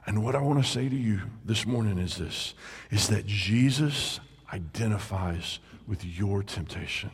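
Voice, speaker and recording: A man preaching a sermon as a pastor. He draws his words out and lets key lines sink to a near hush. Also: lowish voice, breathy edge. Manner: slow, drawn-out delivery that sinks to a hush on key words. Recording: reverberant hall.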